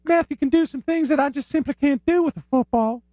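A man's voice: very high-pitched, fast, dark tone, no room sound, studio quality. A man voicing a pompous, genteel Southern quarterback with a put-on Southern drawl, talking in a prim, formal way. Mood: earnest.

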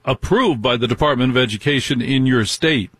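A middle-aged male radio host holds forth in an indignant talk radio monologue. His voice is husky, sitting at an ordinary pitch, and the sound is dry and close with no room around it. He keeps firing rhetorical questions at his listeners. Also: fairly quick, fairly bright tone, dry recording.

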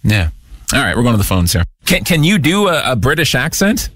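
A man's voice: medium pitch, big pitch swings, a little fast, a bit bright, no room sound, clean studio sound. A man hosting a radio show, bantering playfully with a caller in a teasing, jokey way. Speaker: radio host.

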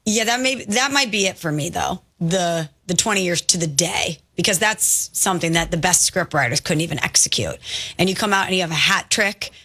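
Enthusiastic, bright-voiced female co-host. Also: fairly low pitch, expressive, a little fast, slightly rough. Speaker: sports talk show co-host. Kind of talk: sports talk show discussion.

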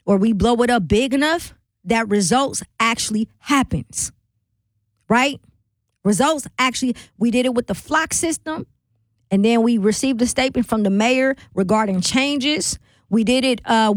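A woman's voice: on the high side, dry recording. Chatty woman radio host, dry sound. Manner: chatty, laughing, preachy asides. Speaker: radio talk show host. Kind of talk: casual on-air talk. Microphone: studio microphone.

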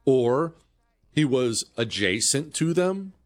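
A middle-aged man holding forth as a talk radio host. His pitch swings widely from low grumbles to high incredulous peaks, and he fires off sarcastic rhetorical questions in an opinionated monologue. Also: very animated, slow pace.

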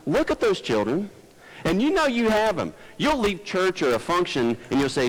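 A man's voice: fairly high pitch, very animated, fairly quick, rough recording. A male pastor preaching a sermon in an earnest, folksy way, climbing to emphatic peaks and then easing into personal stories.

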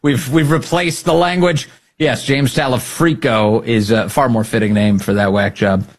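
Male political podcast host with a husky voice and a sarcastic, lively delivery. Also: mid-range voice, normal speed. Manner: sarcastic, animated, laughs often. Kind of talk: political commentary.

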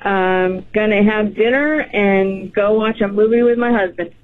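A woman's voice: mid-range voice, a little slow, no room sound. Woman caller on a tinny phone line. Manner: brief, amused answers. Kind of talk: casual call-in chat.

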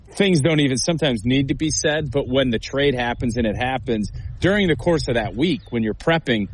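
A man's voice: medium pitch, rough recording. A male sports analyst and former offensive lineman, talking emphatically and acting out locker-room quotes. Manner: emphatic, storytelling, acts out quotes. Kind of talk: sports talk show.

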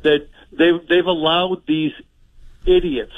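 A man's voice: a little high, level tone, takes it slowly. A man calling in to a talk show, rambling and indignant. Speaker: caller. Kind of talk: casual phone call. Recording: tinny phone line.

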